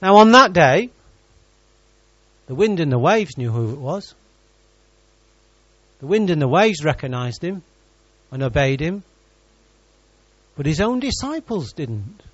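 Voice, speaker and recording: A man's voice: sits high, very animated, a little slow, long pauses, fairly bright tone, no echo, muffled recording. A man preaching a sermon in church, reading scripture and joking with the congregation.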